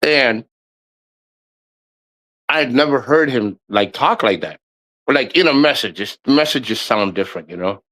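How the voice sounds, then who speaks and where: A man's voice: medium pitch, lively intonation, measured pace, pauses often, fairly bright tone, poor audio. A middle-aged man talks through a loose livestream monologue in an ordinary mid-range voice. He rambles and cusses freely, speaking candidly to his viewers. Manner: candid, rambling, swears often. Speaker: livestream host.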